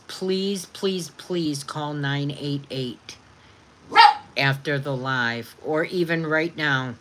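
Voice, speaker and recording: Female livestream host, lowish bright voice, unhurried, affectionate with her viewers. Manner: affectionate, reads viewer comments aloud; chatty recipe explaining. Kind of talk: casual livestream chat.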